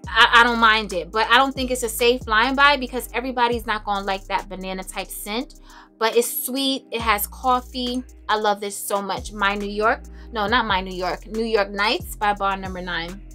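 A young woman chatting casually to camera about her favorite fragrances, expressive and laughing often. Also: on the high side. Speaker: beauty and fragrance vlogger.

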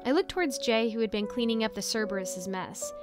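A woman with a somewhat high voice narrates a spooky diner tale in a casual, chatty manner. She wanders into side remarks easily. Music plays steadily behind her. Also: expressive, a little fast. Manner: chatty and rambling, with asides and laughs. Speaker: storyteller. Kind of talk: casual first-person story narration. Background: soft background music.

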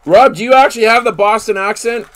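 A man's voice: high voice, fast. A man from Canada hosting a live card break, chatting casually with viewers, laughing often and thinking aloud with fillers.

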